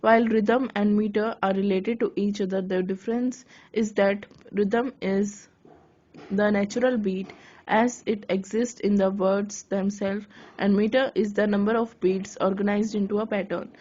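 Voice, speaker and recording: A woman giving a lesson on writing poetry, reading her notes aloud haltingly and correcting herself as she goes. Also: mid-range voice, fairly even intonation, darkish tone. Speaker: lecturer. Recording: dull lo-fi recording.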